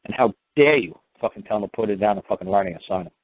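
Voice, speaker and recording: A man's voice: lowish voice, expressive, rapid-fire, slightly rough. A man hosting a call-in show, blunt, profane and lecturing as he answers callers. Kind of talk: call-in radio talk. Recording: dry, tinny phone-line sound.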